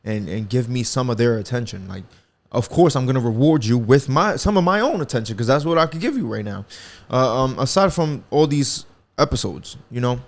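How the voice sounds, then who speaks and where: A man's voice: medium pitch, expressive, brisk. A young man from the Bronx with a New York accent, hosting a solo podcast in a profane, rambling, casual way with lots of restarts and slang. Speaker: podcast host.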